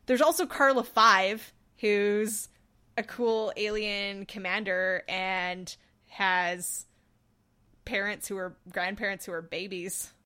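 A woman's voice: mid-range voice, steady tone, slow, bright, forceful tone, clean tone. A woman co-hosting a podcast, chatting casually about episodes, joking and laughing often. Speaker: podcast co-host. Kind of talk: casual discussion.

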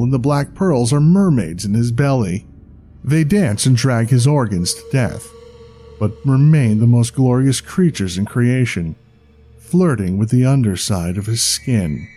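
A man narrating a dark tale in a measured, dramatic scripted reading. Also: mid-range voice, animated, soft background music.

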